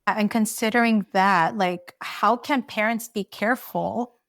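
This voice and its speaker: A woman's voice: medium pitch, unhurried, a bit bright, dry recording, clean studio sound. A woman hosting a podcast, a mother who asks questions in a thoughtful, somewhat hesitant way. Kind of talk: casual podcast conversation.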